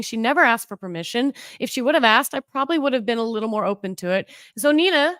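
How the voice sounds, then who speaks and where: A woman co-hosting a casual chat podcast, talking fast and loose with lots of "like" fillers. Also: high voice, animated, a bit bright, dry recording, clean studio sound. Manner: chatty, many fillers like "like". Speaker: podcast co-host.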